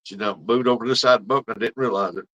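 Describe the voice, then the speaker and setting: On his livestream, a middle-aged host rambles through fishing stories while chatting casually with viewers, a folksy storyteller at heart. His lowish voice races along with a fairly bright tone, and the recording sounds muffled.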